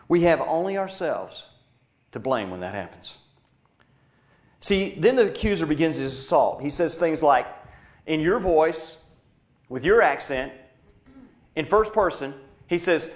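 A man preaching a sermon, earnest, moving between emphatic points and quiet, hushed lines. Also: a little high.

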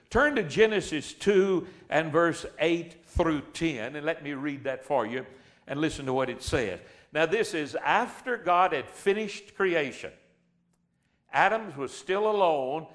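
An older man preaching a sermon in a folksy way, reading scripture and swinging between loud emphasis and hushed asides. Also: a little high. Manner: folksy, addresses the congregation as a class.

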